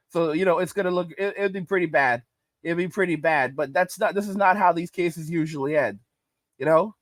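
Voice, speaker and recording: A man's voice: high-pitched, dry recording. A man hosting a commentary channel, ranting emphatically and repeating his points. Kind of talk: reaction commentary.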